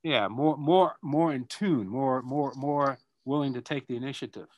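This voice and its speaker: An older man from Boston with a Boston accent, a guest speaker answering students' questions over a video call, reflective and halting, often repeating words as he searches for them. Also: medium pitch, a little mellow, no echo, dull audio.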